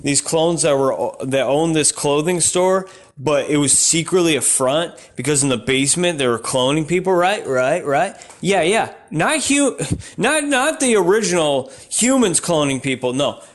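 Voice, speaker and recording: Male stand-up comic, higher-pitched, rambling delivery with shouty rant bursts. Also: lively intonation, measured pace. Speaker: comedian. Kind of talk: stand-up comedy.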